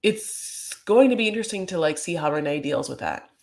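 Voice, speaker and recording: In a slightly low, creaky voice with a darkish tone, a woman loosely riffs on a reality TV recap, gossiping as she goes. She's expressive, talks a little fast, and sprinkles in "like" and "you know" casually.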